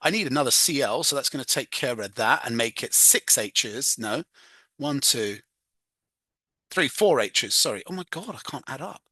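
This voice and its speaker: A chatty man walks through a chemistry exam question in a casual tutoring voice, teasing himself over slips and humming as he writes. His voice is bright and forward. It is recorded close and dry, with no room sound. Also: mid-range voice, expressive, moderate pace, husky, no echo. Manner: chatty, self-mocking, hums "da da" while working.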